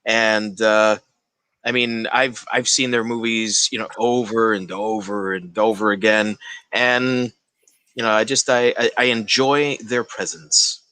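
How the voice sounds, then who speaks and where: Slow, bright-voiced podcast man. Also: lowish voice, little pitch movement, smooth, no echo. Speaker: podcast panelist. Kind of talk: casual podcast banter.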